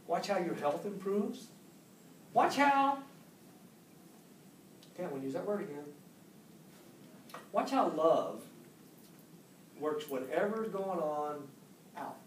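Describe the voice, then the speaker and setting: A man giving a motivational seminar talk, animated, acting out quotes with big jumps in pitch. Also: slow, long pauses, a little hiss or hum. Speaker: speaker at a business seminar. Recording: echoey room, voice from far off.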